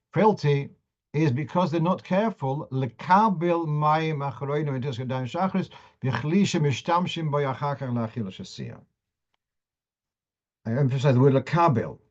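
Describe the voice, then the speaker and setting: A rabbi teaches a class on Torah law, his voice pitched a little higher than most men's. He reads Hebrew and Aramaic passages aloud, translates them, and often stops and restarts to make a point clearer. The sound is dull and lo-fi. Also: darkish tone. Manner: explanatory, with frequent restarts.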